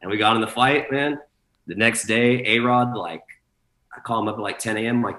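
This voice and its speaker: A man's voice: on the low side, fairly quick, sharp tone, reverberant. A man, a guest DJ, telling rambling, profane stories in a casual chat, full of fillers.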